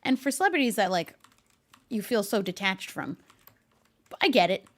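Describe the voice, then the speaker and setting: A woman's voice: medium pitch, very animated, moderate pace. A woman streamer chatting casually with her live viewers, laughing often and talking to her cat between thoughts.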